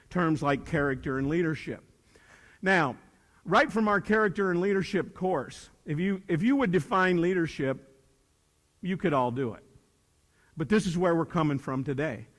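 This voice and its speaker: A man's voice: a little high, normal speed, fairly bright tone. Emphatic older man in a reverberant hall. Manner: emphatic, joking, preacher-like repetition. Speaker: motivational speaker. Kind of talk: speech to a youth leadership audience.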